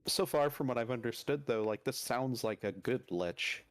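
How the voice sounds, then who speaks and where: A man's voice: mid-range voice, normal speed, slight background noise. Easygoing man playing a tabletop game. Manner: easygoing, laughs and swears at bad rolls. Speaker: player. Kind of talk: casual chat during a tabletop game. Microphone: desk mic on voice call.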